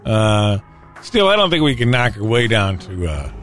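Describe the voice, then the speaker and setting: A man's voice: lowish voice, moderate pace, soft background music. A man hosting a radio show, joking through casual banter and laughing often. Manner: jokey, animated, laughs often.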